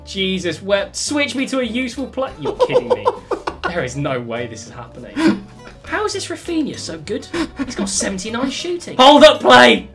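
Man, young, gameplay commentary, very lively swooping delivery, faint music behind. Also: very high-pitched, a little fast, creaky. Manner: loud exasperated outbursts and laughter. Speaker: gaming YouTuber.

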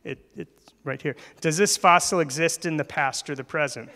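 A man's voice: a little high, normal speed, bright, forceful tone. A male guest speaker giving a church talk, often asking the audience questions. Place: church hall. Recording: long hall reverb.

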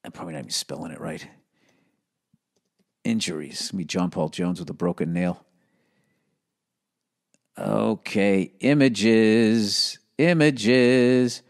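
A man's voice: on the low side, slow pace, vocal fry, long pauses. Male comic host, solo monologue, swears freely, rambles, restarts often. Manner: profane, rambling, lots of fillers and restarts. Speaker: comedian podcast host.

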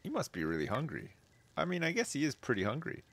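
A man giving casual, wry commentary while playing a life-sim game, laughing often and swinging between amused outbursts and low mutters. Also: huge pitch swings, quick pace, fairly bright tone, husky.

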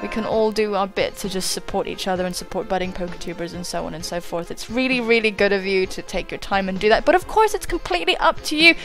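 Woman streamer in her twenties, casual and chatty, average pitch, faint background music. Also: fast, hardly any pauses, a bit bright. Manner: chatty, self-mocking, swears and laughs often. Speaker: gaming YouTuber. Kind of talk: casual battle commentary.

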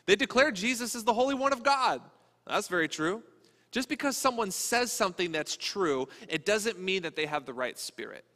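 A man preaching a sermon as a pastor, speaking in a conversational, animated way. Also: high voice. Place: church sanctuary. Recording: long church reverb.

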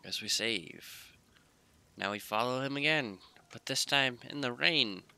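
A man's voice: mid-range voice, unhurried, creaky, sharp tone, smooth. A man casually commenting on his gameplay in a laid-back, drowsy, mumbling way. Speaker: gaming YouTuber.

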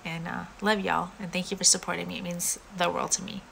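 A woman's voice: fairly low pitch, level tone, fairly quick, vocal fry, fairly bright tone, a little hiss or hum, rough recording. A woman talking casually and earnestly to her viewers on a live stream from home, rambling with many fillers. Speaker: vlogger going live.

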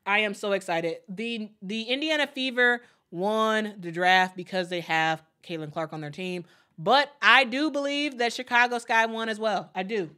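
Bright, excitable woman stream host. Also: mid-range voice. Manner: chatty and excitable, repeats her phrases; reads viewer comments aloud. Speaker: host of a draft watch party stream. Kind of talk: casual live commentary.

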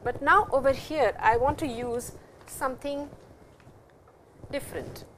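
A woman teaching a language lesson, explaining slowly and repeating each example sentence. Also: high voice, background noise. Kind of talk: classroom lecture.

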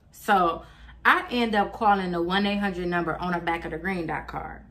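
A woman in her twenties telling her viewers a story in a casual, animated, profane and slangy way. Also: fairly low pitch, moderate pace, slight background noise. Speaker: vlogger.

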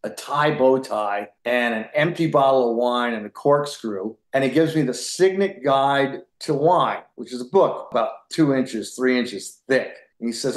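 Animated storytelling man in a roomy room. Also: mid-range voice, moderate pace, few pauses. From New York. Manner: animated storyteller, laughs often, acts out quoted voices. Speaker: guest, winery founder. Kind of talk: storytelling interview.

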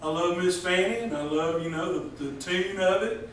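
A pastor preaches in a folksy, joking way, tossing questions at his congregation. His voice sits high for a man. He is heard from a distance in a very echoey church hall with faint room noise. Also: moderate pace, fairly bright tone. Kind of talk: folksy sermon.

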